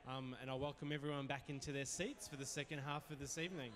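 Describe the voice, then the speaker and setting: A man's voice: mid-range voice, fairly even intonation, quick pace, a bit bright, a little hiss or hum. Man making announcements in a hall. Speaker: event host. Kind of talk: event announcements. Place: event venue with audience. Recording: hall reverb.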